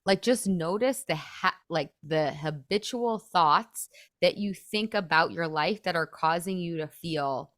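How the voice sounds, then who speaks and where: A woman in her thirties coaching on a podcast, her voice sitting a little low and recorded close and dry with no room sound. she talks casually and fast, scatters "like" everywhere and acts out the thoughts in her own head. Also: fairly bright tone, dry recording. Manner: chatty, peppered with "like", acts out inner thoughts. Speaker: weight loss coach and podcast host.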